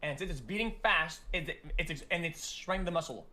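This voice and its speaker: A man's voice: on the high side, expressive, normal speed, pushed and bright. A man in a heated casual debate, rambling and stumbling over repeated words. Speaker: streamer in a debate.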